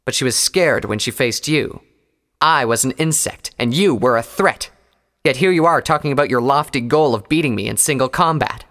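A man's voice: medium pitch, animated, normal speed, fairly bright tone, pitched above the performer's own voice, close to an everyday voice. A man voicing a condemned female unicorn warrior who speaks coldly and derisively. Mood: scornful. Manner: cold, derisive, growling. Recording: long hall reverb.

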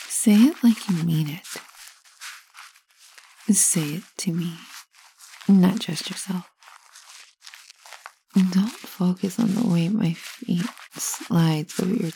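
A woman in a whispered role-play, speaking in a teasing, commanding way with a breathy whisper. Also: lowish voice, dark tone, slight background noise.

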